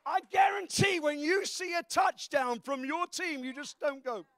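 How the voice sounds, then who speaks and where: A man preaching with great fervor, his voice sitting very high and rising into shouts to drive his points home. The sound is close and dry, with no room echo. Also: unhurried. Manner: fervent preaching that breaks into shouts. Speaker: pastor. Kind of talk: sermon.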